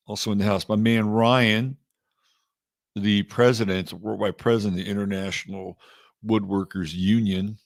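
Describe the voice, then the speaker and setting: Speaking in a lowish, gravelly voice, a middle-aged Texas man hosts an astrology stream, keeping the chat loose and calling out viewers by name. The sound is dry and studio quality.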